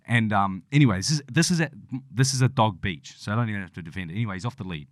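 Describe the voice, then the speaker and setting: A young podcast co-host with a lowish voice talks very fast, telling a long rambling story in casual chat, swearing freely and acting out what people said. The recording is dry and studio quality.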